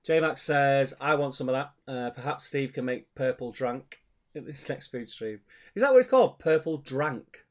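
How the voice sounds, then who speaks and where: A man's voice: mid-range voice, expressive, normal speed. A man, hosting a hobby livestream and reading out chat messages while joking with his co-host. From England. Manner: banter, reads out chat messages. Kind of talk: casual chat.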